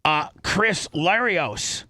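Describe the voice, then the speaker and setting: Bright-voiced, emotional male radio host. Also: high-pitched, animated, very slow, no echo, studio quality. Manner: emotional, rambling, with many restarts. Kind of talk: live radio talk show, reading listener donations. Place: radio studio. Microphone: studio microphone.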